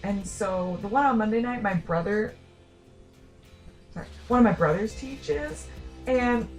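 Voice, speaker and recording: A woman's voice: medium pitch, a little mellow. Young woman vlogger, rambling and self-mocking, light music underneath. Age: young adult. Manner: rambling, self-deprecating, quick asides. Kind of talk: casual talking-to-camera chat.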